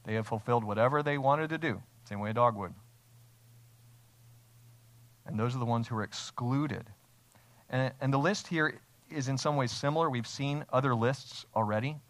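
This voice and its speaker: A man's voice: medium pitch, moderate pace, pauses often, a bit bright, no echo. Emphatic male pastor, dry sound. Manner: emphatic, with rhetorical questions. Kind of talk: expository sermon. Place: church, streamed online.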